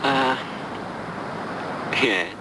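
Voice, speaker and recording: A man's voice: mid-range voice, extremely slow, background noise. An actor playing a young British army man who speaks with dry understatement, heard in an old film clip with music. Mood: calm dry.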